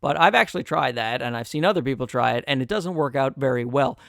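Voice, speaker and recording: A man's voice: mid-range voice, lively intonation, fast, creaky, fairly bright tone, no echo. A man with a nasal voice, hosting a casual, joking product review into a close condenser mic. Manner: chatty, joking asides, frequent "uh" fillers. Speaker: tech reviewer, channel host. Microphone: close USB condenser mic with pop filter.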